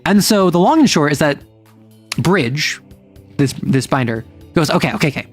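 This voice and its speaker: Rambling game master, casual recap, middle pitch. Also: lively intonation, normal speed, husky, faint music behind. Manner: rambling, chatty, uses lots of "like".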